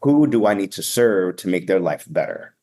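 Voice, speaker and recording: A man's voice: sits low, sing-song, normal speed, dark tone. A man with a Boston accent, an event emcee speaking energetically and sometimes bluntly in a casual podcast interview.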